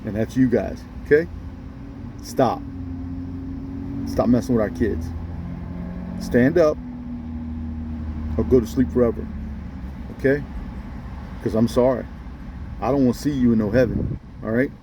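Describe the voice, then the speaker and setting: A man's voice: medium pitch, unhurried, long pauses, noisy background. A man ranting straight at his viewers in a blunt, scolding way, often pressing them with "okay?". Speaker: vlogger addressing viewers. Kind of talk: ranting monologue to camera.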